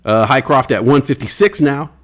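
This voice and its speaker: A man's voice: mid-range voice, normal speed. A man hosting a casual livestream in a laid-back way, reading chat aloud and laughing easily. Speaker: livestream host.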